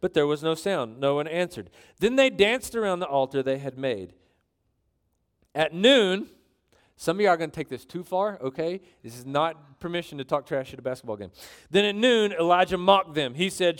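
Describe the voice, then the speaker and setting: A man preaching a sermon in an animated, joking way, reading scripture aloud between his asides. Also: on the high side, moderate pace. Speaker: pastor.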